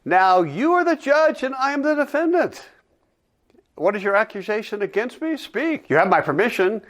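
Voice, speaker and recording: A man voices a calm, direct divine judge who questions slowly and gravely. His voice is fairly high and moves expressively in pitch. The delivery stays measured and solemn. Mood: stern. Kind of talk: dramatic reading of a dialogue.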